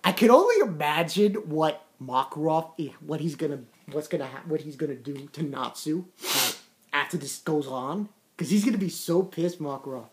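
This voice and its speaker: A woman giving a casual, excitable comic chapter review, repeating words and retelling scenes in quoted voices. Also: low-pitched, moderate pace.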